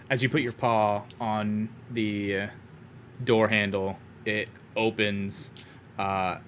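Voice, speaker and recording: A man's voice: fairly low pitch, flat delivery, takes it slowly, a bit bright, a little hiss or hum. A man narrating a tabletop game as game master, in a loose, rambling way full of fillers.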